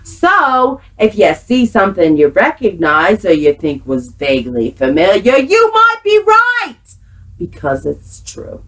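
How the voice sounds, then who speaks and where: A woman's voice: medium pitch, wildly swooping pitch, a little slow, a bit bright, poor audio. A woman co-hosting as the assistant, with playful, irreverent, teasing interjections. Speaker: assistant, co-host. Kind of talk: casual chat.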